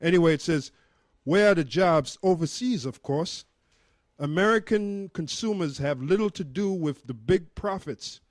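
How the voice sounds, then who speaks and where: A man with a somewhat high voice reads an article aloud and explains it in an earnest way. His voice sounds dry and close, with no room echo. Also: expressive, normal speed, a little mellow. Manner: earnest, explanatory, with fillers and restarts. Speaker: member of a religious group presenting research. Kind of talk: reading out and commenting on an article.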